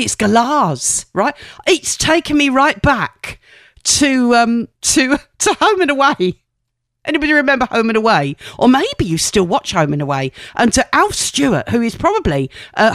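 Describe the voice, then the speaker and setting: A woman's voice: fairly high pitch, no echo, clean studio sound. A woman presenting on the radio in a chatty, rambling way, correcting herself and laughing at her own slips.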